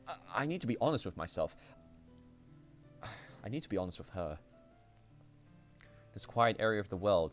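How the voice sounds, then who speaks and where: A man streaming himself as he reads a visual novel aloud, narrating in the first person in a soft-spoken, unhurried way. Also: on the low side.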